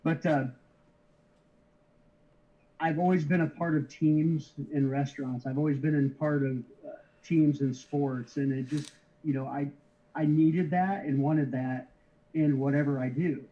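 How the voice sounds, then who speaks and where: As an interview guest, a middle-aged card shipper casually tells his story, restarting often and chuckling easily along the way. He has a dark tone despite a fairly high pitch, and his delivery stays steady, on slightly dull lo-fi audio.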